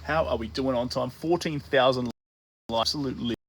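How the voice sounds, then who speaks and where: A man's voice: medium pitch, fairly quick, low-quality recording. A man with a New Zealand accent, an artist chatting casually on a livestream while he paints, rambling and playful. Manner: rambling, playful, full of restarts and tangents.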